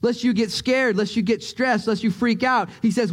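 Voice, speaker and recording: A male pastor preaching a sermon in a church, joking and excitable as he tells stories. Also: extremely high pitch, normal speed, few pauses. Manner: animated, joking, excitable storyteller. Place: church sanctuary.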